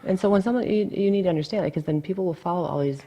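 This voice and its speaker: A woman's voice: fairly low pitch, very fast, dark tone. A woman dietitian talking casually in an interview, blunt and chatty, full of asides.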